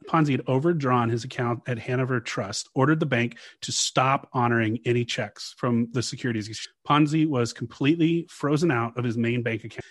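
A man's voice: medium pitch, fairly bright tone, dry recording, studio quality. Man hosting a casual history chat. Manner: reads archival quotes aloud, laughs often. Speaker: podcast host.

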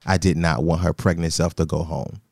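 A man tells a personal story in a casual chat. He gets animated and quotes himself. The sound is close and dry. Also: low-pitched, fairly quick, gravelly, no echo. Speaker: guest telling his story.

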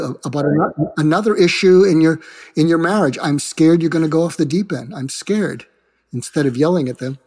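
A man's voice: on the high side, in a large hall. An older man talking as an interview guest, explaining ideas and acting out example dialogues in quoted voices. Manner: animated, slips into quoted voices. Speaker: guest, suicide prevention expert.

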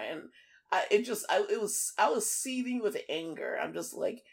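Podcast lady telling a story, bit of fry in her voice, cussing and acting out everybody. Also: mid-range voice, measured pace. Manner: animated storytelling, profane, acts out others. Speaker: podcast co-host. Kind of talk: casual chat.

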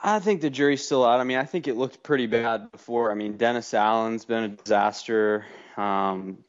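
A man's voice: medium pitch, moderate pace. Guy on a podcast cracking jokes, plain mid voice, kinda muffled audio. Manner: teasing, wisecracking. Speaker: podcast co-host. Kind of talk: casual podcast banter.

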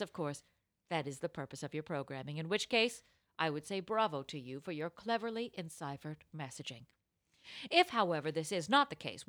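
A woman co-hosting a comedy podcast, chatting playfully, laughing often and reading a listener letter aloud. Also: on the low side. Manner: animated, laughs often, jumps into silly voices. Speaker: podcast co-host.

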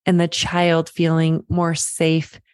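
A woman's voice: low voice, monotone, takes it slowly, a little mellow, clear, resonant tone, no room sound, studio quality. A woman parenting coach giving direct advice to the listener, reassuring and calling them friend. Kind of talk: direct-to-camera advice talk.

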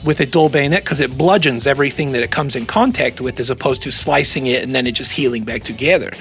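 A man's voice: mid-range voice, quick pace, fairly bright tone, faint music behind. A man co-hosting a podcast, explaining things in casual chat and laughing often. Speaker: podcast co-host.

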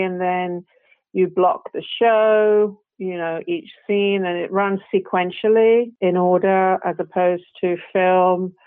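A woman's voice: on the low side, clear, resonant tone, dry recording. A British woman, a guest actress, talking in a chatty, rambling way with frequent "you know"s, restarts and laughter. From Britain. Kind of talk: casual interview chat. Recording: dry, tinny phone-like call audio.

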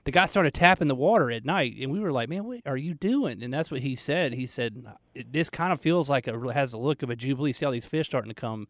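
An upbeat male co-host talks from a radio studio and chuckles often. His voice sits at a middle pitch, and the sound is close and dry. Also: fast, hardly any pauses, a bit bright, no room sound. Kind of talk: casual radio chat.

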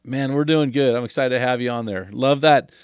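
A man's voice: mid-range voice, a little hiss or hum. A man from Oregon hosting a podcast, upbeat and joking, introducing a guest in casual chat. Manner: upbeat, jokey, quick asides. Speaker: podcast host.

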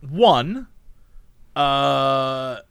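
A man's voice: mid-range voice, expressive, drawn-out words, vocal fry, a bit bright, clear, resonant tone, no room sound, clean studio sound. A young man in casual chat, thinking aloud and musing with restarts.

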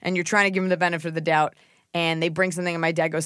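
Frank, opinionated woman with a low voice. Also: little pitch movement, fast talker, fairly bright tone, no room sound. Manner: frank, opinionated, dry teasing. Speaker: podcast co-host. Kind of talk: casual chat.

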